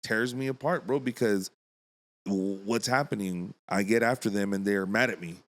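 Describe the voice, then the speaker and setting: A man's voice: on the low side, moderate pace, a bit bright. A man hosting a podcast, talking in a rambling, earnest way and often restarting his sentences. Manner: rambling, earnest, self-interrupting. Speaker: podcast host. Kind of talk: casual chat.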